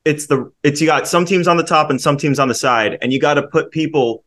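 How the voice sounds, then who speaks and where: A man's voice: a little high, steady tone, fairly quick, fairly bright tone. A man co-hosting a podcast, chatting casually and explaining things step by step. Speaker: podcast co-host. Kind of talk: casual chat.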